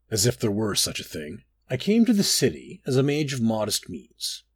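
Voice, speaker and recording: Husky man narrating a dark fantasy tale. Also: mid-range voice, dry recording. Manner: expressive, brooding storytelling with dramatic rises and drops. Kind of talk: dramatic first-person fantasy story reading.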